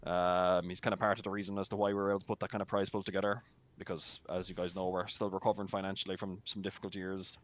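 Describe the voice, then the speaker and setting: Deep-voiced blunt man. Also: little pitch movement, quick pace. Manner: blunt, teasing, chatty with many fillers. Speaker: esports co-caster and league admin. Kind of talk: casual post-match commentary.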